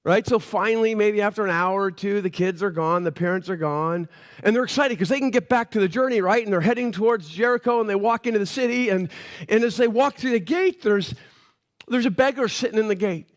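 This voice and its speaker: High-voiced animated pastor preaching. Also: male voice, a little fast. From Canada. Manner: casual, animated storytelling with playful voices for characters. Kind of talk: sermon.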